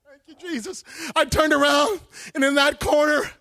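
High, bright-voiced male preacher. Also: steady tone, normal speed. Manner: impassioned preaching storytelling. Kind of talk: sermon testimony.

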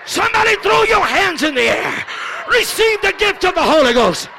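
A man preaching a Pentecostal sermon, moving from shouted calls to hushed storytelling, repeating phrases and speaking in tongues. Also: very animated, normal speed, vocal fry, a little hiss or hum. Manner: swings from shouted exhortation to low hushed storytelling. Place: church service.

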